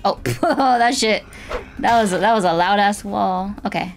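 A gaming streamer provides casual let's-play commentary in a medium-pitched, slightly slow woman's voice, with soft music in the background. She swears as she plays and squeals when startled.

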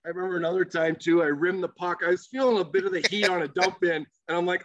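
Profane, animated man telling stories. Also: high-pitched, fast talker, dry recording, highs cut off. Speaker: podcast guest, former pro hockey player. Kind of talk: casual storytelling.

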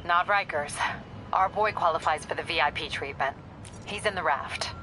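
An actor playing a calm, businesslike male police captain over background noise. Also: a little high, normal speed, low-quality recording. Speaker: police officer.

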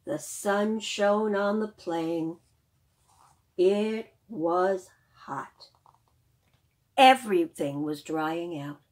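A woman librarian reading a picture book aloud for small children, in an expressive, sing-song way. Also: lowish voice, very slow, long pauses, poor audio.

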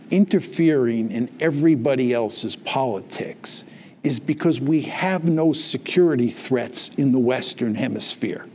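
A man's voice: medium pitch, a little mellow. A man, the author of a book, answering audience questions in a public talk, lecturing emphatically and tagging his points with "right?" and "okay?".

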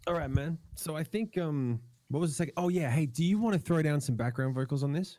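A man's voice: a little high, brisk, dark tone, dry recording. A man joining a recording session remotely as the songwriter, blunt and teasing, swearing casually. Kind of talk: casual chat over a remote call.

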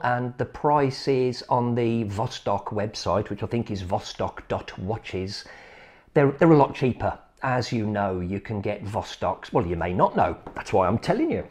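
A man talking through a watch review in a relaxed, unhurried way. He rambles, corrects himself and laughs at his own slips. His pitch sits in a middling range. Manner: rambling, self-deprecating, chuckles at himself. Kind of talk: casual chat.

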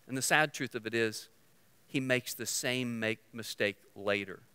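A male pastor preaching a sermon, swinging from loud to hushed and leading the congregation in call-and-response. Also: mid-range voice, measured pace, clear, resonant tone. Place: church sanctuary. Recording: long church hall reverb.

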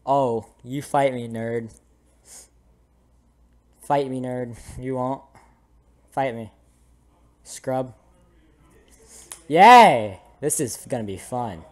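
A man's voice: mid-range voice, fairly even intonation, takes it slowly, pauses often, warm tone. A young man doing comedic commentary over a video game, goofy and jokey with sudden dramatic outbursts. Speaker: gameplay commentator. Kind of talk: comedic let's play commentary.

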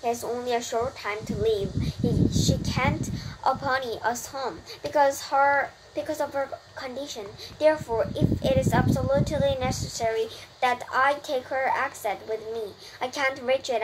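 A woman putting on a frantic young pig, high and pleading. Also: moderate pace, noisy background, lightly acted. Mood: desperate pleading. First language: Korean. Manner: high, urgent, begging.

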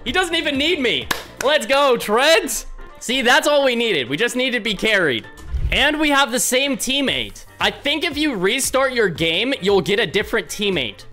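A young man giving excitable gameplay commentary as a gaming video host, often yelling at his teammates. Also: high voice. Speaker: gaming YouTuber.

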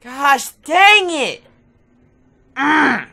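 A woman's voice: high voice, big pitch swings, extremely slow, pushed and bright, poor audio. A young adult woman giving let's play commentary, frustrated and exclaiming often. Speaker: gaming video host.

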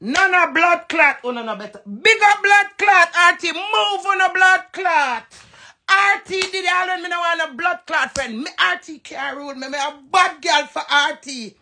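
A Jamaican woman talks into her phone in a heated, profane rant that jumps quickly from point to point. Her voice sits high and gravelly, with a sharp, bright edge. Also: a little hiss or hum. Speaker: live-stream host. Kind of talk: ranting live stream.

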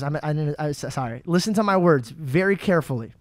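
A passionate man co-hosting a podcast in casual chat, cursing freely and stumbling over his words when worked up. His voice sits a little high and the sound is dry and close. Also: lively intonation, fast, dry recording. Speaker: podcast co-host.

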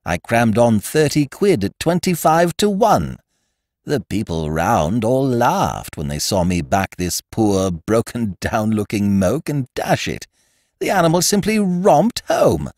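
A man voicing a good-natured, easygoing English gentleman who talks in a mild bleating way. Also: mid-range voice, very animated, a little slow, no room sound, studio quality. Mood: cheerful. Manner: bleating, pleading.

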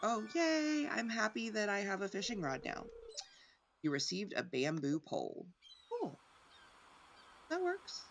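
A woman gives casual, excitable commentary while she plays a game. She is chatty and quick to poke fun at herself. Her voice has a gravelly edge, and her pitch swings widely. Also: slight background noise. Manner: chatty, self-deprecating, excitable. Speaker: streamer.

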